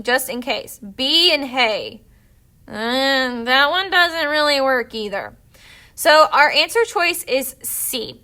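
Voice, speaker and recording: A woman teacher with a high, bright voice going over a reading passage with her class. She explains each step patiently. Her tone is clear and ringing.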